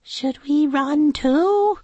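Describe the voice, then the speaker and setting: A woman voicing a young princess in a children's storybook who flatly states the obvious. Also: sits high, very slow, no echo, muffled recording, pitched above the performer's own voice. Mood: matter-of-fact. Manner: flat, stating the obvious. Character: literal-minded young princess, plain and matter-of-fact.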